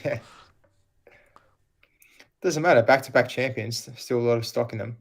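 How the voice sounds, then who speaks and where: A man's voice: mid-range voice, normal speed. A man co-hosting a casual live football chat, matter-of-fact and teasing, explaining old fantasy rules. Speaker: podcast co-host.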